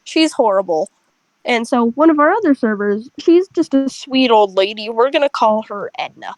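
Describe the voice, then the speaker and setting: A young woman casually telling a rambling, animated story to friends over a headset. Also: a little high, moderate pace, no echo, poor audio. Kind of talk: casual chat.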